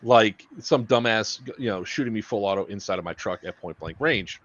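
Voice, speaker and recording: A man with a somewhat low voice hosts a casual podcast chat. He rambles through stories, swearing freely and laughing along the way. The audio is muffled and lo-fi. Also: fairly quick, fairly bright tone, a little hiss or hum. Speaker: podcast host.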